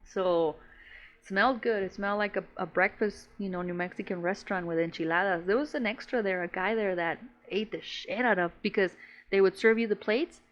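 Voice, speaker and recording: A woman's voice: medium pitch, brisk, dull audio. A woman co-hosting a podcast, telling stories in casual, profane slang, saying "bro" a lot and laughing as she talks. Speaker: podcast co-host. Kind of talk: casual storytelling chat.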